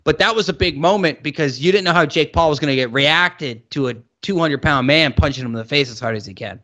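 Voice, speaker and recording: A man co-hosting a podcast, swearing and joking loudly in casual banter, often talking over the others. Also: on the high side, fast. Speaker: podcast co-host.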